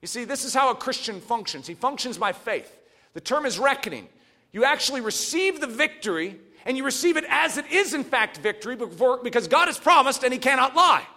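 Animated, high-voiced preaching man. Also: brisk. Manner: animated preaching, swings from hushed to shouting. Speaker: pastor. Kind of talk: sermon.

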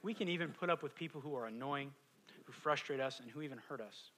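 A man in his thirties preaching a sermon, animated, swinging from loud emphatic questions to hushed quiet lines. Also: mid-range voice, fast talker, low-quality recording. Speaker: pastor.

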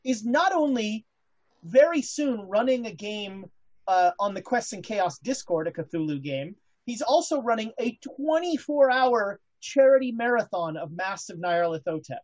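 A woman's voice: medium pitch, very animated, measured pace, a little mellow, highs cut off. A woman hosting a casual chat show, talking with many fillers and restarts. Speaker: podcast host.

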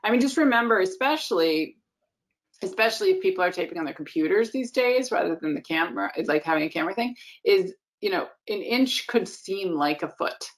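Animated woman casting director. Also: mid-range voice, a little fast. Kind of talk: casual interview talk.

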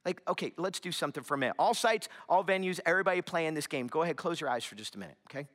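A young man preaching a sermon, telling a story in an animated, chatty way with lots of fillers. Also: on the high side. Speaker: pastor.

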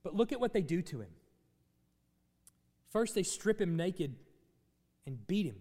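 Animated preacher in an echoing hall. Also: male voice, sits high, measured pace. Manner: animated teaching, asks the congregation questions. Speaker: pastor. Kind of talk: sermon.

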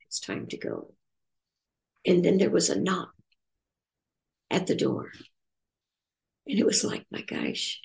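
An older woman tells a personal story with an earnest, reflective tone. Her voice is gravelly with a touch of vocal fry. She often pauses and restarts, and her pitch rises and falls in a lively way. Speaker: author in recovery sharing her story.

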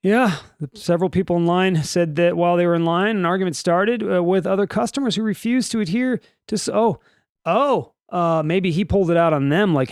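Male podcast host, slightly high voice, dry close sound, chatty and joking, rambles off topic. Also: animated, moderate pace, no room sound. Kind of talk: casual news podcast chat.

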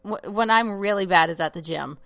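A woman co-hosting a podcast, chatting casually in an animated, joking, self-mocking way. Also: mid-range voice, fairly quick, gravelly, no echo. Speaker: podcast co-host. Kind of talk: casual chat.

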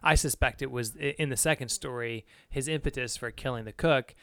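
A man's voice: medium pitch, a little fast, pushed and bright, smooth, dry recording. A man in a casual book discussion, earnestly explaining his reading at length and laughing easily. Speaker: discussion partner.

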